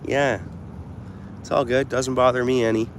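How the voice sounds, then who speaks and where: A man's voice: mid-range voice, little pitch movement, normal speed, a little hiss or hum. A man livestreaming from a pond while fishing, chatting casually and answering his live chat. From Canada. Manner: chatty, talks back to live chat comments. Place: outdoors by a pond near traffic.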